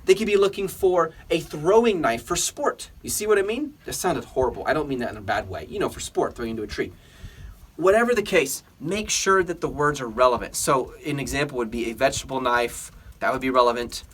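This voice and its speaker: Man, husky voice, energetic tutorial instructor, emphatic, quizzes his viewers. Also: mid-range voice, brisk. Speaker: online business instructor. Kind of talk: screen-recorded tutorial.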